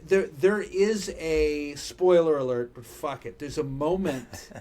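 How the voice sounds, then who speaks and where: A man's voice: fairly high pitch, slow pace, a little mellow. A man co-hosting a podcast, chatting loosely about TV shows, swearing freely and trailing off mid-thought. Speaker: podcast co-host. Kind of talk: casual chat.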